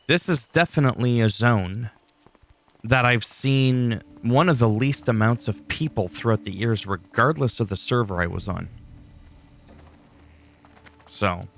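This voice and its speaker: A man's voice: medium pitch, expressive, a little slow, vocal fry, pauses often. A man giving casual, rambling gameplay commentary with dry sarcastic asides.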